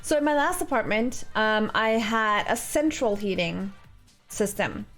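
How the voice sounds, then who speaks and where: A woman's voice: medium pitch, animated, measured pace, fairly bright tone, soft background music. A woman livestreaming from home, chatting casually with viewers in a rambling, giggly way full of fillers. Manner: rambling, giggly, thinks aloud with many fillers. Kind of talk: casual chat with live viewers. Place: home, indoors.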